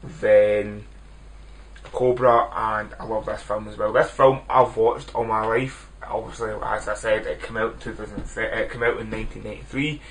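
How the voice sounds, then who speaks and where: A man's voice: lowish voice, fairly even intonation, normal speed, fairly bright tone, rough recording. A man in his twenties giving a casual, rambling video film review, often restarting and apologising. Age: 20s. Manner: rambling, self-deprecating, many restarts.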